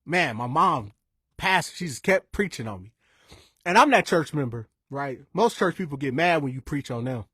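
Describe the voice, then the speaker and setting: Animated young man, husky voice. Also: fairly high pitch, no room sound, clean studio sound. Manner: lively, animated storytelling with quoted voices and restarts. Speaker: speaker sharing church stories. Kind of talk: informal preaching-style talk.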